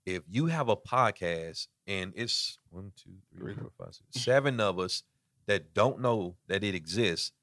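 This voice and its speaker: A man's voice: lowish voice, lively intonation, measured pace, fairly bright tone, no room sound, studio quality. A man who created an awards show, speaking as a guest on a podcast and making emphatic points by counting them out. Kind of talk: casual podcast chat. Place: podcast studio in a cosmetics shop.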